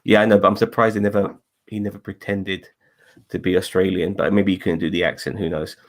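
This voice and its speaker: A man's voice: deep voice, little pitch movement, a little fast. A man hosting a casual review chat over a video call, rambling, swearing and correcting himself as he goes. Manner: rambling, profane, self-correcting. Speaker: podcast host.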